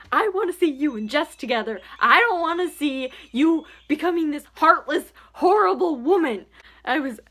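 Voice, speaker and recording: Young woman rambling thru a book review, high voice, lots of likes and ums. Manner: chatty, animated, lots of fillers. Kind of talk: casual book review vlog.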